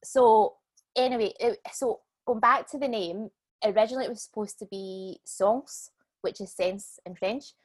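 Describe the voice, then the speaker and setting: A Scottish woman in her thirties, a business owner chatting as a podcast guest, relaxed and self-deprecating, laughing often. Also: medium pitch, normal speed. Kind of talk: casual podcast chat.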